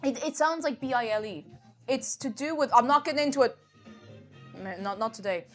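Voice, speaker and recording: A woman's voice: fairly high pitch, brisk, soft background music. A young woman with an Irish accent, chatting casually on a live stream, rambling and laughing often.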